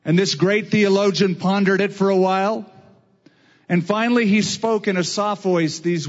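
A man preaching a sermon as pastor, slow and emphatic with drawn-out phrases. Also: high voice, steady tone, long reverb tail, muffled recording.

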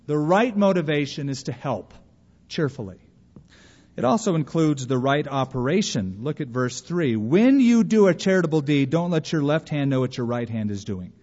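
A man preaches a folksy sermon and briefly acts out the people he describes. His voice sits a little high for a man. The sound is muffled and trails off in the long reverb of a church hall. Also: darkish tone. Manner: folksy, plays out quoted voices. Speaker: pastor.

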